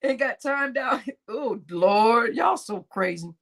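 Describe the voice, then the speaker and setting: A woman hosting a live stream, animated and exclaiming as she reacts to clips. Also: a little high, takes it slowly, vocal fry. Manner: animated and exclaiming, laughs often.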